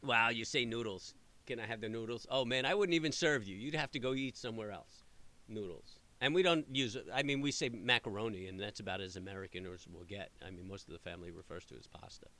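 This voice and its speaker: A middle-aged man chatting casually with viewers, telling rambling, animated stories full of fillers. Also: lowish voice, fast talker, hardly any pauses. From New York area. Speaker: trading channel host. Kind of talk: casual chat answering live viewers.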